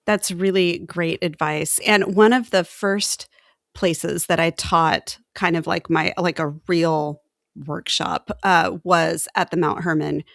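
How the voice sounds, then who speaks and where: A woman co-hosting a podcast from home on a desk microphone, earnest and quick to laugh. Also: lowish voice, fairly even intonation, creaky, no room sound, studio quality. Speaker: podcast co-host. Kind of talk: casual chat.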